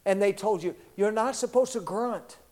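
Man in his 60s, a high-pitched preacher who delivers an animated sermon and draws responses from the crowd. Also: moderate pace. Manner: folksy, animated, calls out to the congregation for responses.

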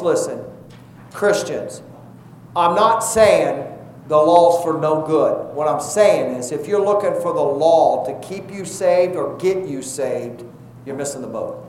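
A man's voice: on the high side, unhurried, a little mellow, reverberant, a little hiss or hum, rough recording. A man preaching a sermon, telling a personal story in a folksy, conversational way and building to fervent appeals.

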